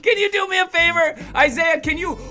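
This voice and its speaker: A man performing a playful, animated magic show for schoolchildren over a video call, teasing and cheering the kids on. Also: extremely high pitch, a little fast, soft background music. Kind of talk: virtual kids' magic show.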